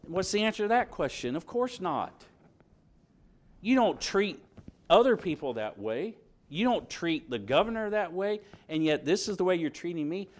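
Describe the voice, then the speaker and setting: A man's voice: high-pitched, big pitch swings, normal speed. A middle-aged man preaching a sermon, reading scripture aloud and asking his congregation questions.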